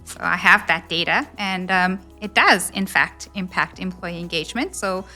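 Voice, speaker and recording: South African woman explaining clearly. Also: fairly low pitch, moderate pace, bright, forceful tone, faint music behind. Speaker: HR business partner guest. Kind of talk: expert interview answers.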